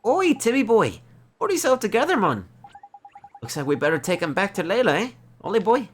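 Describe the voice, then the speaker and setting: A woman's voice: mid-range voice, sing-song, fairly quick, slightly rough, pitched above the performer's own voice. A woman doing a blustery, brash old man from a game. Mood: urgent. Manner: loud, teasing, blustery scolding. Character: brash, bossy older man neighbor.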